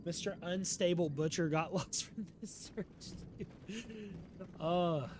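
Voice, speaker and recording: A man chatting casually with his live-stream audience while playing a game, relaxed and slangy, and sleepy. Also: on the high side, takes it slowly, background noise. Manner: relaxed and slangy, talking to chat. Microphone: streaming microphone.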